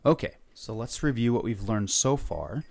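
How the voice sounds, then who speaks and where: Lively upbeat male music teacher. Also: medium pitch, normal speed, gravelly. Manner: upbeat, coaxing kids to repeat and sing along. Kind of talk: elementary music lesson. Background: faint guitar.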